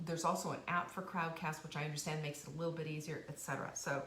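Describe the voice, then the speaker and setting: A woman's voice: deep voice, little pitch movement, quick pace. A woman hosting a casual motivational live stream, chatty and encouraging, with frequent restarts and asides. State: sniffly from dust, coughing now and then. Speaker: host of a cooking and life show. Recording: roomy home live stream, faint hiss.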